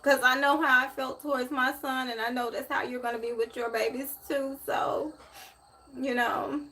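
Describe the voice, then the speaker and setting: Woman, 40s, live-stream tarot host, emotional, repeats herself, slightly high voice, faint background noise. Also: steady tone, moderate pace, bright, forceful tone. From Memphis, USA. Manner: emotional, repetitive, addresses viewers as y'all. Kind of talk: casual live-stream chat.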